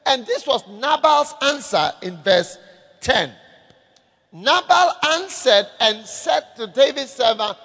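High-voiced preacher in an echoing hall. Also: male voice, expressive, a little slow, a bit bright. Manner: calls for audience response. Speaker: pastor. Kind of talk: sermon. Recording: echoey hall reverb.

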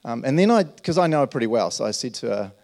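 A man gives a relaxed, conversational sermon in a gravelly voice at an average pitch. He tells stories earnestly and keeps turning to his listeners to ask if they follow. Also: fast talker. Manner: earnest, storytelling, checks in with "right?". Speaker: pastor.

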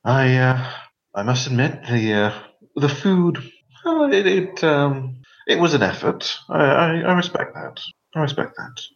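A man's voice: medium pitch, lively intonation, creaky, voice pushed up. Man putting on a prim cut-glass aristocratic lady. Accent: posh cut-glass. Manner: halting, prim, condescending politeness. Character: haughty upper-class young woman, prim client. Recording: echoey, dull lo-fi room sound.

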